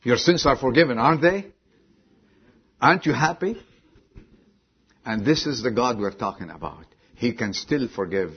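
Husky preacher with big swings. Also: male voice, expressive, normal speed, pauses often, highs cut off. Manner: swings from low quiet lines to sudden loud high exclamations; asks the congregation questions directly. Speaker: pastor. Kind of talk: sermon.

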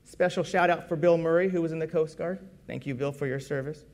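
High-voiced man preaching a story sermon. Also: fairly quick. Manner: conversational, lively storytelling.

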